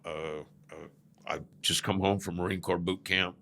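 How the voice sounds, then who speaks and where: This is the same kind of casual storytelling interview: a former biker club president from Southern California, now older, rambles through tales and keeps dropping "man." He speaks low and flat at normal speed, creaky and sharp-toned, over a little hiss or hum.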